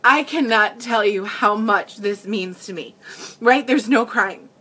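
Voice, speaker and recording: A woman hosting a casual makeup livestream, gushing with excitement and tearful gratitude as she greets her viewers. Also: a little high, a little slow, husky.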